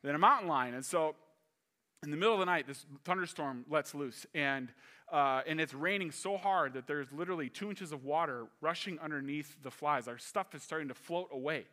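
Male pastor, 30s, lively storytelling sermon, slightly high and bright tone. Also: a little fast. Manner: animated storyteller, shifting to calm teaching.

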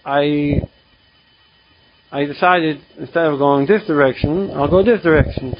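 A man giving an emotional, halting testimony at a recovery meeting, repeating himself as he tells his story. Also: on the high side. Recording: dull lo-fi recording.

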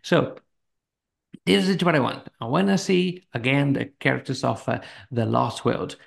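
A man co-hosts a podcast in loose, rambling chat. His mid-range voice has a gravelly edge, and he fills his talk with "uh" and "you know" and breaks into laughter often. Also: mid-range voice, lively intonation, moderate pace. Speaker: podcast co-host.

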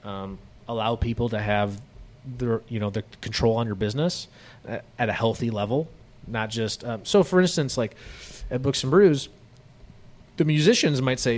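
A middle-aged man hosting a casual business podcast, animated and often acting out customer-service voices. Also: mid-range voice, normal speed. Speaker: podcast host, business owner. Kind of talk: casual chat.

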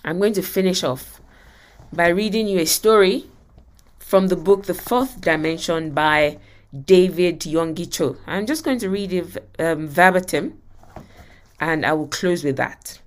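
A woman's voice: fairly low pitch, unhurried. A woman hosting a podcast, giving an earnest spoken lesson and often checking in with her listeners. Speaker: podcast host and teacher. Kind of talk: spoken teaching talk.

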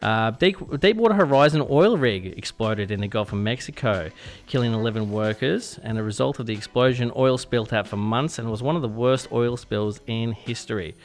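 A young Australian man hosts a casual radio show from a studio, chatty and self-deprecating, occasionally stumbling over his words. His voice is mid-range and his pace moderate.

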